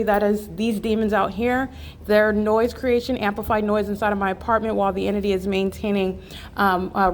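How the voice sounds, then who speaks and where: A woman's voice: medium pitch, a little hiss or hum. A woman filming outdoors near an apartment building, talking in an insistent, repetitive, accusatory monologue full of fillers. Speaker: vlogger.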